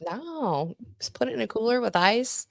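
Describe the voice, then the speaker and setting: A woman co-hosting a casual podcast, chatty and quick to laugh. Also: fairly high pitch, big pitch swings, vocal fry, no echo, clean studio sound. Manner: giggly, chatty, laughs often. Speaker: podcast co-host. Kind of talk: casual chat.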